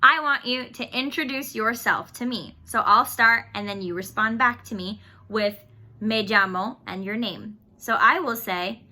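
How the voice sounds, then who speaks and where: Bright-voiced woman teaching Spanish. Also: a little high. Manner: patient, slow explaining, repeat-after-me drills. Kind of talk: online class lesson.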